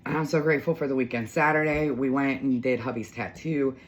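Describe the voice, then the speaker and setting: A woman's voice: a bass voice, steady tone, fairly quick, a little hiss or hum. A middle-aged woman talking casually on her vlog, blunt and profane as she tells a story and rants. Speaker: vlogger. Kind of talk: casual morning vlog rant.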